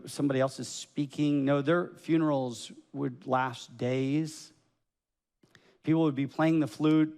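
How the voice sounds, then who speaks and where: A man preaching a sermon as pastor, telling the story in a lively way and acting out the voices of its people. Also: on the high side, big-room sound. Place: church sanctuary.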